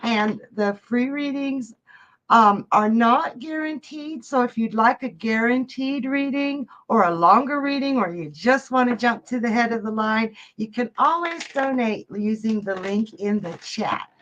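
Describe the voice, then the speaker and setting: A woman's voice: a little high, animated, a little slow, a bit bright, muffled recording. A woman hosting a live psychic reading stream, chatty and upbeat, greeting viewers and reading their chat messages aloud.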